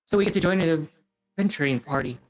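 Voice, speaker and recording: A man's voice: fairly high pitch, animated, quick pace, pitched above the performer's own voice, lightly acted, low-quality recording. A man putting on an eager little rat girl. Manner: eager and simple. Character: simple, cheerful female rat creature, eager and naive.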